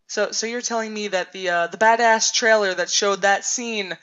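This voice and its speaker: Halting, incredulous woman on a dull mic. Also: medium pitch, fairly even intonation, fairly bright tone, clear, resonant tone. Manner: incredulous, halting, with many restarts. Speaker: fan reviewer. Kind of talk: reaction commentary.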